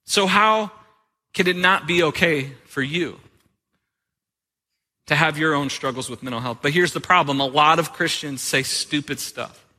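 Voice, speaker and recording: A man's voice: fairly high pitch, measured pace, bright, forceful tone, long reverb tail. A man pastor giving a sermon in a conversational, joking way, with rhetorical questions to his listeners.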